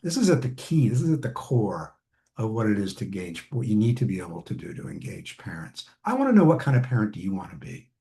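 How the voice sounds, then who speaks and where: Male trainer, warm relaxed voice, casual lecturing with fillers and restarts. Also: fairly low pitch, fast, vocal fry. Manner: conversational, many ums and restarts. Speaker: family therapy trainer.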